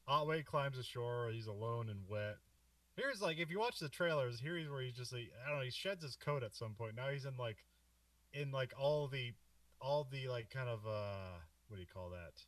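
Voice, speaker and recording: A man's voice: medium pitch, animated, moderate pace, a bit bright, dry recording, far from the mic. A man co-hosting a casual movie podcast, rambling through a plot recap with many fillers and frequent laughs. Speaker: podcast co-host.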